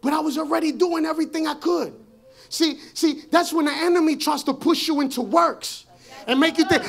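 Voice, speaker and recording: A pastor preaching a sermon in a church on a handheld mic. He often repeats and restarts his words, and his voice swells into shouts as his passion builds. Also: extremely high pitch, fairly quick, creaky. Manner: impassioned preaching, rising to shouts. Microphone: handheld microphone.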